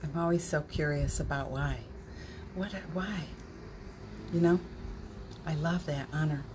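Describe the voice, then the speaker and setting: A woman's voice: sits low, measured pace, background noise. A woman hosting a spiritual morning livestream, chatting casually, reading out viewer comments, and getting emotional, with laughter and near tears.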